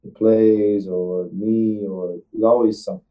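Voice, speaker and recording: Young man, college athlete, low voice, halting casual answers, dull muffled sound. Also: level tone. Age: young adult. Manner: halting, restarts sentences, drawn-out casual talk. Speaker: college football player, guest.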